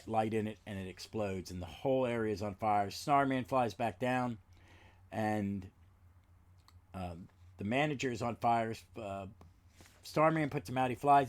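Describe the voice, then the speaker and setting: Man casually recapping a comic book. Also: medium pitch. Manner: rambling, halting retelling full of restarts. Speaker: podcast host.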